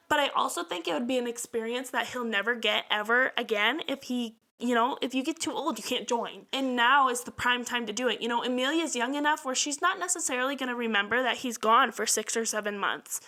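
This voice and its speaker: Bright-voiced woman in casual monologue. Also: on the high side, a little fast. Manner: candid, emotional, chatty with frequent fillers. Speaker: podcast host. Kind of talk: casual personal podcast monologue.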